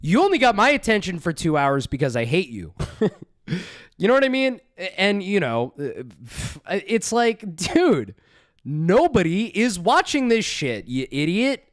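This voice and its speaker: A man's voice: high voice, very animated, a little slow, no echo, studio quality. A man doing profane, mocking reaction commentary, sarcastic and incredulous, swearing often.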